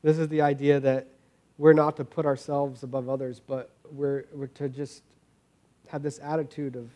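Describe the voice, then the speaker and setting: A man's voice: mid-range voice, little pitch movement, moderate pace, mellow. A man in his thirties giving a conversational sermon as a pastor, earnest and informal, often repeating words as he thinks aloud.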